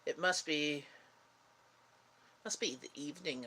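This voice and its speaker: A woman's voice: low-pitched, gravelly, a little hiss or hum. Woman, middle-aged, tired and yawning, rambling live-stream chat. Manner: rambling, relaxed, chatty with pauses. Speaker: livestream host chatting with viewers.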